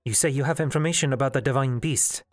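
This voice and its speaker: A man's voice: medium pitch, quick pace, no room sound, soft background music, lightly acted. A man voicing a tall, fierce woman guard captain who speaks in clipped, commanding lines. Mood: formal.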